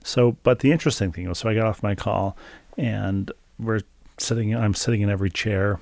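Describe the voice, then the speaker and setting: A man's voice: on the low side, fairly quick, vocal fry, darkish tone, no room sound. A middle-aged man co-hosting a podcast, telling a story in casual chat with dry, wry humor. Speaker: podcast co-host.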